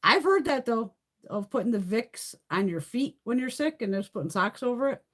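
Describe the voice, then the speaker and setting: A middle-aged woman hosting a beauty livestream, telling stories in a loose, animated way, swearing freely and laughing often. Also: a little high, normal speed. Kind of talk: casual chat.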